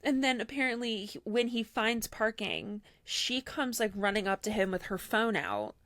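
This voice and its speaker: A podcast co-host tells a story animatedly at a normal speed, her voice a little high, filling it with "like" and her own renditions of other people's lines. It's studio quality with no echo, and the show is casual.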